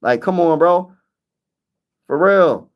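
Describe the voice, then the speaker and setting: Young male sports streamer, casual, animated, talks right to his chat. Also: a little high, slow, a little hiss or hum. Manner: animated, chatty, reads out and answers viewer comments. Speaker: sports channel host. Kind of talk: casual livestream sports talk.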